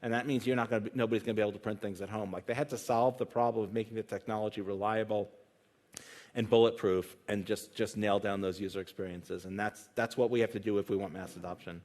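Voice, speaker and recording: A man's voice: lowish voice, steady tone, quick pace, a little mellow. Talkative man on a conference panel. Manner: talkative, self-deprecating, fond of jokes. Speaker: tech executive on a conference panel. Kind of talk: live conference Q&A and joke telling. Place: conference stage with live audience.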